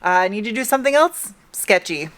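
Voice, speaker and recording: A woman's voice: medium pitch, animated, fairly quick, a bit bright. A young adult woman casually narrating her truck restoration in a garage, joking and talking to herself as she works. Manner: chatty, joking, talks to herself while working. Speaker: car restoration vlogger.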